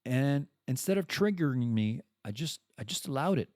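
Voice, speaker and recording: A man's voice: mid-range voice, animated, moderate pace, a little mellow, dry recording, studio quality. A French-speaking man hosting a podcast, talking candidly and bluntly in a personal monologue and swearing freely. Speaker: podcast host.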